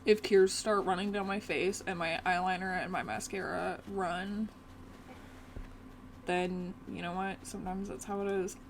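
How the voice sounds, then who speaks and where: A woman's voice: fairly low pitch, fairly even intonation, unhurried, a little hiss or hum. A young woman chatting casually through a gameplay session, often talking fondly to her cat. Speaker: gaming video creator.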